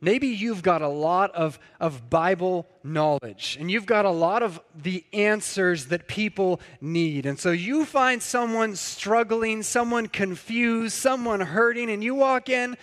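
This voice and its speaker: A man's voice: sits high, unhurried, few pauses, fairly bright tone. A man preaching a conversational sermon, sometimes acting out the people in his story. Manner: conversational, acts out quoted voices. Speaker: pastor. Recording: long hall reverb.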